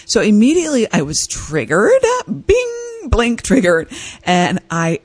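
A woman hosting an advice show, telling personal stories in a candid, animated way with frequent laughs. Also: mid-range voice, measured pace, slightly rough, no room sound. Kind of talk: casual talk-show monologue.

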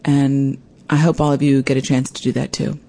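A woman hosting her own podcast, telling a personal story in a lively way and acting out what people said. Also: very deep voice, normal speed, gravelly. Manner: animated, acts out quoted voices. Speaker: podcast host.

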